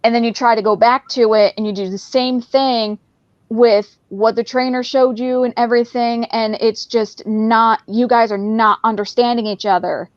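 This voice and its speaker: A woman chatting as a guest, animated and expressive, often slipping into quick voiced asides. Her voice sits a little high, and the sound is dry and close, with slightly muffled audio. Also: no echo. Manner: animated, often acts out what a dog might be thinking. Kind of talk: casual conversation.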